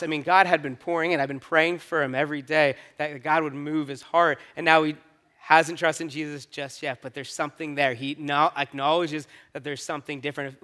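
A man, a pastor, telling a personal story in a sermon, acting out the quoted lines with lively energy. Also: a little high. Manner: animated, acts out quoted lines with rising energy.

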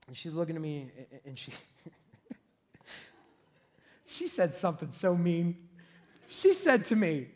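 High-voiced, animated pastor telling a story. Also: male voice, slow pace, pauses often. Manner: animated, self-deprecating, laughs often, shouts at peaks. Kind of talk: storytelling sermon.

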